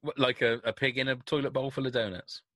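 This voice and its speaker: A British man co-hosts a radio show and reads out listener questions in a loose, chatty way. His voice sits bright and forward, and the close, dry mic leaves no room sound. He rambles and corrects himself as he talks. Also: medium pitch, fairly even intonation, fast, dry recording. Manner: rambling, self-correcting, chuckling. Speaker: radio co-host. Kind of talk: casual banter reading listener questions.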